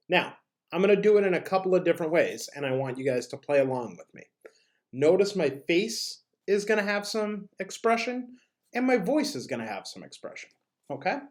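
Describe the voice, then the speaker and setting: Peppy drama teacher guy, walks the kids through a warm-up, keeps it lively. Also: on the high side, a little fast. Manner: upbeat, leads call-and-answer chants. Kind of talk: energetic classroom instruction.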